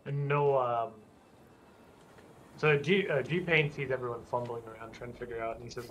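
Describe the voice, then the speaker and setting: A man playing in a tabletop game, relaxed and a bit hesitant while checking rules. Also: mid-range voice, moderate pace, slight background noise. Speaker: player. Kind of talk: casual tabletop play.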